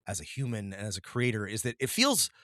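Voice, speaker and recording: Speaking fast in a sing-song, forceful way, this male podcast co-host rambles casually, often restarting and laughing. His fairly low voice sounds bright, and the studio recording is clean with no room sound.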